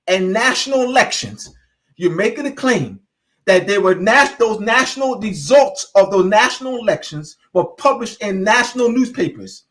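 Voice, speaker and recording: A man's voice: sits high, lively intonation, normal speed, a bit bright. A man giving an impassioned, repetitive lecture as a host, talking informally and slipping into dialect. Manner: preachy and repetitive, building in fervor.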